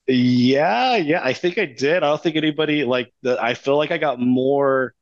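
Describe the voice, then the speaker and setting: A young man from Utah, a podcast guest, telling stories in a relaxed, rambling way. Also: mid-range voice, moderate pace, no room sound. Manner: easygoing, rambling with fillers. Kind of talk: casual interview. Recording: dull lo-fi dry sound.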